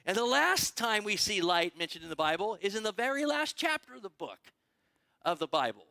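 Bright, dry-voiced male pastor. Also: high voice, big pitch swings, fairly quick, creaky, no room sound. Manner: conversational, emphatic with frequent restarts. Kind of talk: sermon. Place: church sanctuary.

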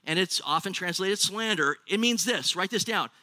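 Bright-voiced American preacher, dry sound. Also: male voice, high-pitched, normal speed, no room sound. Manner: jokey, asks the crowd questions. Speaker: pastor. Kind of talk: sermon. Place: church.

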